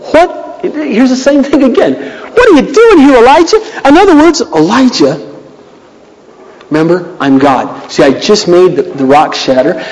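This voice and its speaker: A man preaching a sermon as pastor, reading scripture aloud with dramatic, animated delivery. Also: sits high, big-room sound, rough recording.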